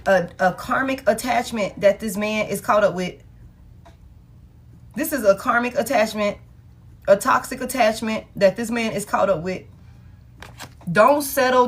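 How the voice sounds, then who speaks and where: A woman with a slightly high voice gives a live tarot reading. She talks casually and with emphasis, and she swears freely. She drives each point home by saying it again and again. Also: slightly rough. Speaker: tarot reader.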